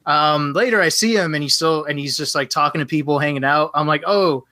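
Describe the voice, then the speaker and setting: Bright-voiced man telling a story. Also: a little high, fairly quick, no echo. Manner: animated, acts out both sides of quoted dialogue. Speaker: podcast guest. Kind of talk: casual storytelling chat.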